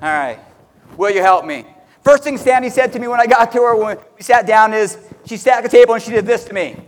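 A man speaking as a motivational speaker at a sales meeting, talking loudly and excitably to a live audience and acting out what people say. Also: very high-pitched, fast talker. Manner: loud, excitable, acts out quotes. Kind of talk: energetic live stage talk. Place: large hall before an audience. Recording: long hall reverb.

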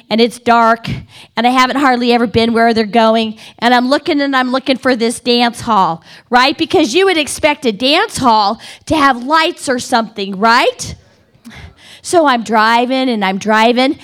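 A middle-aged woman telling a funny personal story to a live audience, animated and dramatic, building tension with repeated phrases. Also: smooth. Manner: animated, dramatic, repetitive build-up with wailing high quotes. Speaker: speaker at a women's gathering.

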